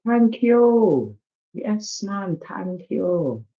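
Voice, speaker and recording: Very animated yet extremely slow, this man's high-pitched voice carries an English accent thick with London slang. As an oracle card reader doing a casual tarot-style reading, he drifts between hype and mumbling, captured in a slightly dull lo-fi recording.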